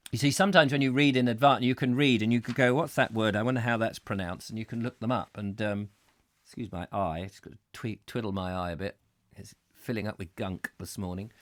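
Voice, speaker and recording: A man's voice: lowish voice, fairly even intonation, fairly quick, no room sound. A man hosting a live book reading, chatting between passages and laughing at his own slips over words. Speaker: host reading a book aloud. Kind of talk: live-streamed book reading with chat asides.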